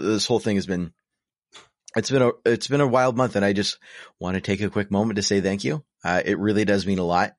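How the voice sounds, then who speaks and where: In a clean studio recording with no room sound, a man with a lowish voice co-hosts a podcast. His casual talk is rambling and self-deprecating, laced with sarcastic humor.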